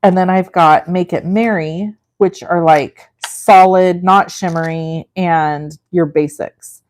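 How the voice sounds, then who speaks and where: Rambling, self-mocking woman in her forties, fairly low voice, hosting a live craft stream. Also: steady tone, slow pace, darkish tone. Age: 40s. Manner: chatty, rambling and self-deprecating. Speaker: craft livestream host. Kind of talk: casual live crafting demo.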